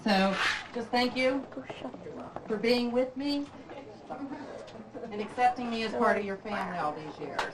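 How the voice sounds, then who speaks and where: A woman in her forties giving a warm, reminiscing birthday toast of thanks. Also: a little high, a little slow, long pauses, a crowd in the background. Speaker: toast giver at a birthday party. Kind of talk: thankful speech. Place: room at a family party. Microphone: far camcorder. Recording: echoey room from far off, noise.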